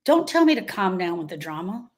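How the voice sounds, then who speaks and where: Husky woman giving an emphatic pep talk. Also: mid-range voice, big pitch swings, fairly quick. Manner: emphatic, repeats phrases, acts out quoted voices. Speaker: grief coach. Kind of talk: motivational live talk.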